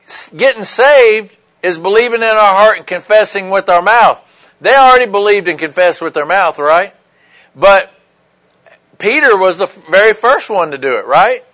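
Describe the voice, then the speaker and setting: A man delivering a sermon with a voice that sits a little high for a man. He talks in a plain, conversational way, leaning into his points and often pausing to check that his listeners are with him. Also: a bit bright, low-quality recording. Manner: conversational preaching with frequent "right?" and "okay" check-ins. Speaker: preacher.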